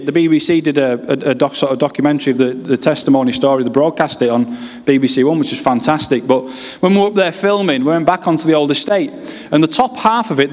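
A man with a Yorkshire accent tells his testimony from the pulpit, his voice sitting a little higher than most men's. His storytelling is lively and full of humour. The sound carries a long reverb from a large hall. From West Yorkshire, England. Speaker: pastor. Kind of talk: preaching a personal testimony.

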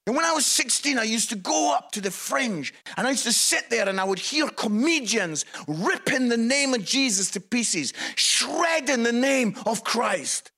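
Man, comedic storytelling, animated, husky, bright. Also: extremely high pitch, moderate pace, hardly any pauses. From Scotland. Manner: animated, exclamatory. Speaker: Christian comedian and evangelist.

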